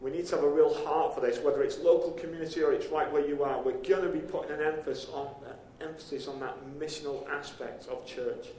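A man's voice: fairly high pitch, fairly even intonation, quick pace, hardly any pauses, dark tone, a little hiss or hum. A man preaching a sermon as pastor, talking conversationally and throwing questions out to his congregation. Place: church hall. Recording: echoey church hall.

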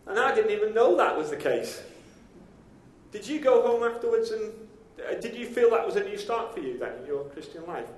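This male pastor's voice sits high and is very animated, moving at a moderate pace. He preaches conversationally, putting questions to his congregation, and the church hall makes the recording echoey.

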